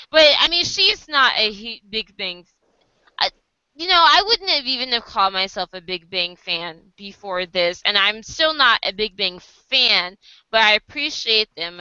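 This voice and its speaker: A woman's voice: medium pitch, sharp tone, clean tone, no echo, highs cut off. An American woman casually telling a story to camera, acting out other people's lines and laughing often. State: sleep deprived. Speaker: vlogger.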